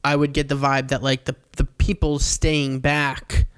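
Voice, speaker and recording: A young man co-hosting a comedy podcast, talking in an animated, self-mocking way and swearing freely. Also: mid-range voice, unhurried, clear, resonant tone. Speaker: podcast co-host. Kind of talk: casual comedic chat.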